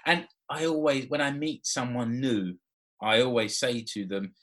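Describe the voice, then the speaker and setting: Guy in his 40s, podcast cohost, chatty storytelling, bright voice, keeps restarting his sentences. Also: medium pitch, moderate pace. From Britain. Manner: chatty, laughs often, frequent restarts. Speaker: podcast co-host. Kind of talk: casual storytelling chat.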